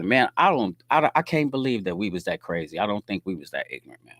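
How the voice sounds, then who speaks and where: Middle-aged male host, low voice, dry close sound, animated slangy storyteller with loud outbursts. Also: fast talker, few pauses, no room sound. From Quad Cities, US Midwest. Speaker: show host telling a street story. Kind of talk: casual storytelling rant on a livestream.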